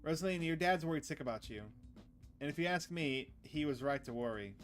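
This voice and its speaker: A man's voice: a little high, lively intonation, a little fast, soft background music, natural voice. A man reading the lines of a responsible young woman who scolds her brother and a group of teens in a horror visual novel. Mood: scolding. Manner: lecturing, exasperated.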